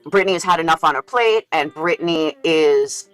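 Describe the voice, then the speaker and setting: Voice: mid-range voice, moderate pace, fairly bright tone, clear, resonant tone, no echo, soft background music, poor audio. A speaker in a replayed livestream clip, earnestly commenting and explaining with examples. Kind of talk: casual commentary.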